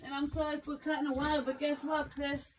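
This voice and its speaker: A woman's voice: high voice, level tone, brisk, far from the mic, noisy background. A woman arguing in an angry, profane, threatening way. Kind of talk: heated argument.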